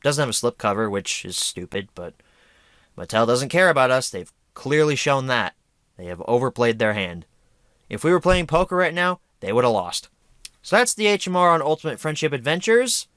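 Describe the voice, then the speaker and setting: A man's voice: medium pitch, sing-song, normal speed, a bit bright, no echo. A man hosting a home media review vlog, casual, chatty, opinionated and self-deprecating.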